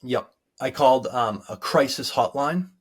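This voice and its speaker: A man, a guest in an interview, telling a personal story in a sincere, halting way with many pauses and ums. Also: mid-range voice. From United States. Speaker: guest recounting a near-death experience. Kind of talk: earnest personal testimony.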